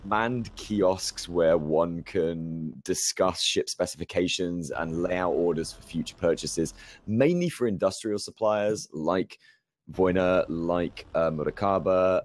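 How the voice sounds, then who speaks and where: A man's voice: low-pitched, a little slow, darkish tone. A man narrating a tabletop game as game master, rambling with many fillers while he checks his notes.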